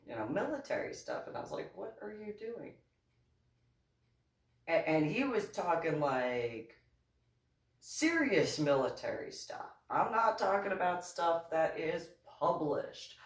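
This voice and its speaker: A middle-aged woman telling a rambling personal story in a wry, sarcastic way, chuckling often and restarting her sentences. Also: low-pitched. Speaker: author and reverend. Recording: roomy, voice from a distance.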